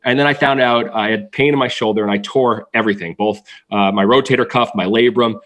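A man in his thirties who tells personal stories as a guest in a conversation, animated and upbeat. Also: on the low side, brisk. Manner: energetic, animated storyteller. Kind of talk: storytelling interview.

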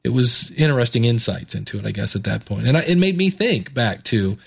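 A man's voice: medium pitch, expressive, brisk, gravelly, breathy edge. Male podcast host, casual, chatty and rambling, chuckles often; plain mid-range voice. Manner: rambling, many restarts and chuckles. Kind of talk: casual chat.

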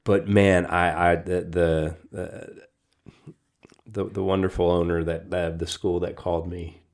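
A man's voice: low-pitched, level tone, unhurried, darkish tone. A middle-aged man co-hosting a podcast in casual chat, joking and self-deprecating, with stammering restarts. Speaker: podcast co-host.

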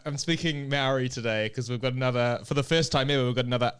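A young man co-hosting a casual podcast, recounting events in a relaxed, dry way. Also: medium pitch, fast, smooth. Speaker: podcast co-host.

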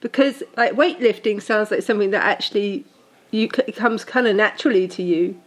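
A woman's voice: medium pitch, a little fast. A woman hosting a casual interview, playful and teasing, laughing along with her guest. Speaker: podcast host.

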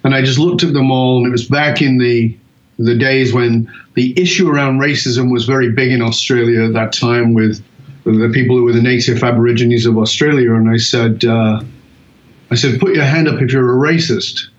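A British man in his sixties, a guest telling animated stories and acting out the other people in them. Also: medium pitch, moderate pace. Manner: animated anecdotes, acts out quoted voices. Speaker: guest speaker. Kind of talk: storytelling in an interview. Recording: roomy, dull lo-fi audio.

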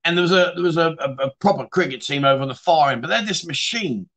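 On the high side and a bit bright, the middle-aged man's voice moves at a quick pace. He runs a casual livestream chat show where he reads viewers' comments and chats his way into meandering stories laced with friendly banter.

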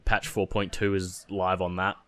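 A man's voice: deep voice, little pitch movement, normal speed, fairly bright tone, no echo. A man co-hosting a casual gaming podcast, laid-back and hesitant with fillers. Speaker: podcast co-host.

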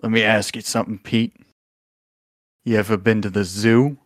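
A touchy panda bear cook played by a man blusters indignantly in a tabletop game. The voice is low for a man and recorded dry and close. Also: little pitch movement, moderate pace, no echo, close to an everyday voice.

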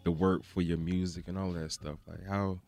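Deep-voiced easygoing male host. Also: normal speed, vocal fry. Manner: relaxed, easygoing questioning. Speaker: interview host. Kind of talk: casual interview chat.

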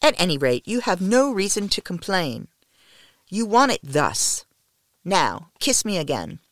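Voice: big pitch swings, a little slow, fairly bright tone, dry recording, studio quality. A reader voicing a capricious, commanding young noblewoman in an audiobook, teasing and haughty by turns. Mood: coaxing. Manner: commanding, teasing, raised pitch and volume. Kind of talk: audiobook reading of a novel.

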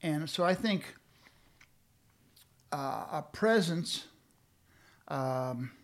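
Older man, gravelly, a bit higher pitched, measured, lots of uhs. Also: expressive. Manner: reflective, measured, with many fillers and restarts. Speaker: guest speaking on leadership. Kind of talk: conversational podcast discussion.

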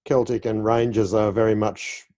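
Mellow low-voiced male interviewer. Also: little pitch movement, normal speed. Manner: chatty, anecdotal, playful. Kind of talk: interview conversation.

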